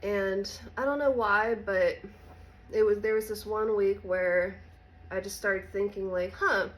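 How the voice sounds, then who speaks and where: Woman talking to camera about her past, halting and candid, mid pitch. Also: steady tone, poor audio. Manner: candid, halting, soft-spoken. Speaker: recovery vlogger. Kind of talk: personal storytelling.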